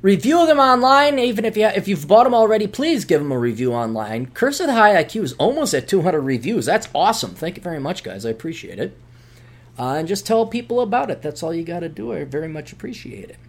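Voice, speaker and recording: Male podcast host, fairly high voice, loose and rambling, plugging and storytelling solo. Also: quick pace. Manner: rambling and animated, with jokey asides. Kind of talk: casual solo podcast monologue.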